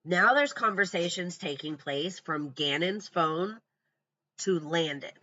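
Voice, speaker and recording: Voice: medium pitch, takes it slowly, sharp tone, muffled recording. A true crime commentator going through a timeline from notes in casual talk, blunt and scornful, with profane asides.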